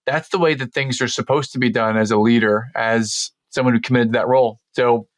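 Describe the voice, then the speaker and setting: A man's voice: mid-range voice, fairly even intonation, a little fast, dry recording. A man hosting a podcast and working as a leadership coach, reflecting on his guest's story in an affirming way with frequent fillers. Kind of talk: conversational interview.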